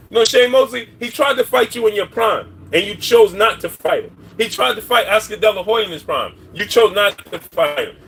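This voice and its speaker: Livestream host: a man with a high, husky voice, casual and rambling, greeting the chat. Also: fairly quick, few pauses. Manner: rambling, shouts out viewers by name. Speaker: boxing commentary livestream host.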